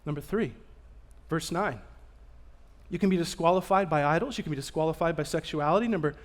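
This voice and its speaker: A male pastor preaching a sermon, telling stories with animation and swinging from loud bursts to hushed asides. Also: a little high, a little fast. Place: church sanctuary.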